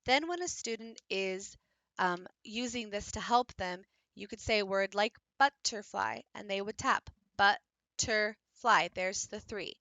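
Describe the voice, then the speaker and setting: A woman's voice: mid-range voice, measured pace, creaky, fairly bright tone, no echo. A woman teacher patiently explaining, step by step, how to build a classroom visual aid while she works with her hands. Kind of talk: instructional craft tutorial.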